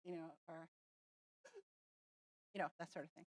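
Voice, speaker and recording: A woman with a low voice and level tone runs a teacher training workshop in a classroom. She takes her time, deliberately explaining an activity step by step and working through examples.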